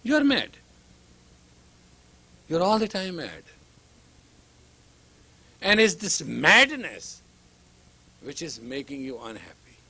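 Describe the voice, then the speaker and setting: A man's voice: on the high side, big pitch swings, slow, pauses often, pushed and bright, slightly rough. A man lecturing as a spiritual teacher, emphatic and repetitive, sometimes dropping to a whisper for emphasis. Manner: emphatic, repetitive, acts out dialogue. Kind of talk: lecture to students.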